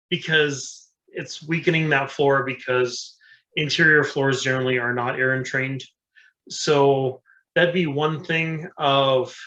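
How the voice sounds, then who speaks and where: Co-host, male, brighter tone, a bit higher than most men, casual practical engineering chat. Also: low-quality recording. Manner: plain, practical, with fillers. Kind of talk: casual technical discussion.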